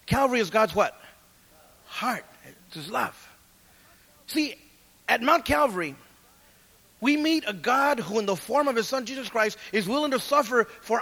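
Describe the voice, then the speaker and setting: A middle-aged man preaching a sermon and telling his own testimony in street slang, going from loud calls down to hushed asides. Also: extremely high pitch, lively intonation, moderate pace, vocal fry, long pauses.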